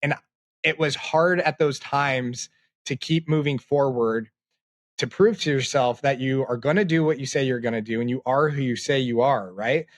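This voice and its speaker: A man in his late twenties, a podcast guest, talking in a reflective, halting way with many fillers. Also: mid-range voice, dry recording. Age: 20s. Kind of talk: casual interview talk.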